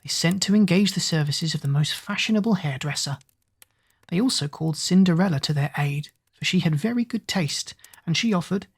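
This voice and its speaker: A woman narrating a bedtime fairy tale for children in a calm, soothing way. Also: sits low, slightly rough. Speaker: storyteller.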